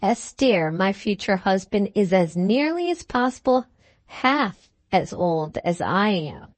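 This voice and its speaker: A woman voicing a wealthy, composed lady who answers with calm, cutting words. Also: medium pitch, slow pace, no room sound. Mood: coolly defiant. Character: wealthy, cool, self-assured woman engaged to a young lord.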